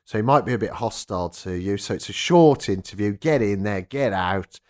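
A man with a lower voice tells a story in relaxed conversation. His pitch climbs and drops a lot as he acts out the people in it. He talks like a radio presenter chatting about his old punk days. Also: brisk. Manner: animated anecdote-telling with quoted voices. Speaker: rock radio presenter and former punk singer. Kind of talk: casual storytelling interview.

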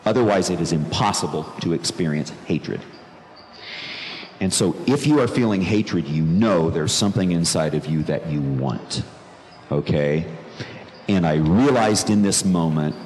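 A man with a deep, darkish, animated voice tells his conversion story a little slowly, earnest and reflective, repeating phrases for emphasis. His personal testimony echoes with long reverb in a large room over faint background noise.

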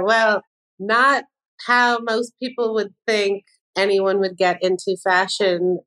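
A woman's voice: mid-range voice, a bit bright, low-quality recording. A woman in her fifties, a fashion designer guest on a podcast, talking in a candid, self-deprecating way. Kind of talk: casual interview chat.

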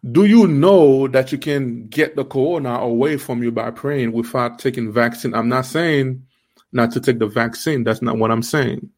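A man with an accent hosting an online faith series, preaching in an emphatic way with repeated rhetorical questions and halting restarts. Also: a little mellow. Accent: non-native accent. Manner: halting restarts, rising pitch when stressing. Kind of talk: livestream preaching.

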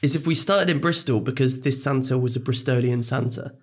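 A man's voice: mid-range voice, a little fast. A man co-hosting a casual film podcast, laughing often and trailing off mid-thought. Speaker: podcast co-host.

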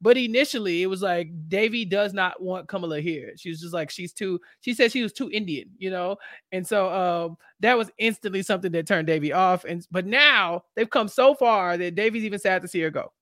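A woman co-hosting a casual podcast, reacting with expressive, mock-indignant commentary. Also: on the low side, brisk, no room sound, clean studio sound. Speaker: podcast co-host. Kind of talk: casual chat.

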